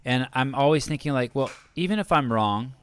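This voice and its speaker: A man's voice: mid-range voice, lively intonation, fairly quick, a bit bright, smooth. A man in casual conversation, venting animatedly with stumbles and restarts.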